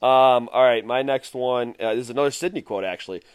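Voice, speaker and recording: A man's voice: medium pitch, fairly quick, clear, resonant tone, no echo. A man co-hosting a casual podcast chat, amused and laughing as he reads out quotes. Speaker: podcast co-host.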